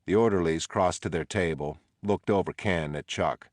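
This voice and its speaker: A man reading a novel aloud in a measured, low-key narration. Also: no room sound, clean studio sound. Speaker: audiobook narrator. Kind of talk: scripted narration.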